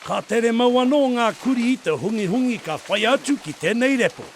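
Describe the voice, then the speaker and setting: A man's voice: very high-pitched, expressive, fast talker, slight background noise. A man with a New Zealand accent hosting a hunting show, narrating and joking with his companions. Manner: narrates in Māori, jokes with companions. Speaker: host. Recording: music playing under the voice.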